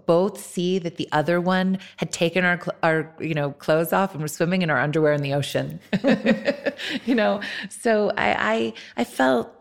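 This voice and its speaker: Woman, low register, candid director telling stories in casual interview chat. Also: normal speed, gravelly. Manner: candid, laughing, loose with fillers. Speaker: film director guest.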